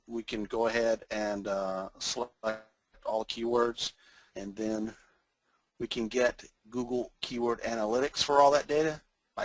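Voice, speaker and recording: A man with a North Texas accent giving a casual, rambling screen-share demo of software as a webinar presenter. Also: mid-range voice, no echo, rough recording. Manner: folksy, rambling, chuckles often.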